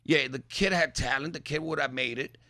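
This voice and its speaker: A middle-aged man, a boxer's father and trainer, telling stories in an animated way and acting out the voices of the people in them. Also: mid-range voice, a little fast, no room sound, clean studio sound. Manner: lively, acts out what people said in raised voices. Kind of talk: animated storytelling in a chat.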